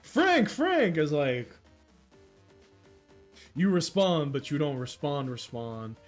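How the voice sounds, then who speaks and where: A man's voice: medium pitch, slow, darkish tone, soft background music. A man in his thirties hosting a casual livestream, rambling and mocking himself with frequent laughs. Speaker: livestream host.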